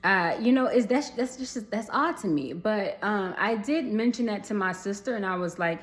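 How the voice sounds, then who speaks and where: A woman's voice: mid-range voice, lively intonation, normal speed, hardly any pauses. A young adult woman telling a personal story to viewers in a casual storytime vlog, chatty, calling them y'all and swearing freely.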